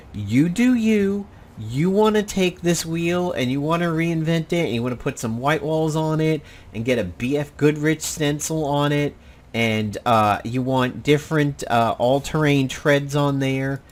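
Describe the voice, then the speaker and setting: A man hosting casual gameplay commentary, rambling and blunt, with the odd swear. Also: mid-range voice. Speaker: gaming channel host.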